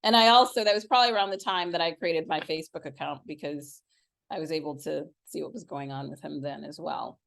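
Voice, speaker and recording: Low-pitched middle-aged woman telling a story. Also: fairly even intonation, a little fast, creaky, fairly bright tone. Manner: storytelling, acts out quoted lines with big pitch jumps. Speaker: podcast co-host. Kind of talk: casual chat.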